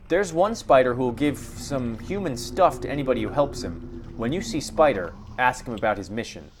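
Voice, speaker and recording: A man's voice: mid-range voice, moderate pace, close to an everyday voice. A man voicing an eager, simple-minded male guard spider who talks earnestly and boastfully. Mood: matter-of-fact. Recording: steady background noise.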